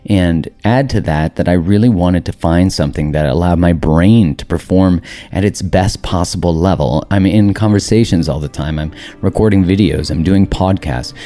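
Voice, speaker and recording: A man's voice: low-pitched, moderate pace, dark tone. A man hosting a podcast, reading a sponsor message with enthusiasm. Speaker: podcast host. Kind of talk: read sponsor ad and interview.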